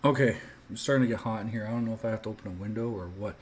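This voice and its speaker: A man's voice: fairly low pitch, racing, darkish tone, slight background noise. A man rambling through casual gameplay commentary, with lots of filler words as he tells stories. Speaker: gaming streamer.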